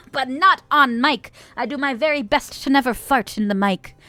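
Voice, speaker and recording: A woman from the US West Coast hosts a casual livestream, reading viewer comments aloud and giggling often between lines. Her voice sits high and sounds pushed and bright, at a normal speed, in a dry recording.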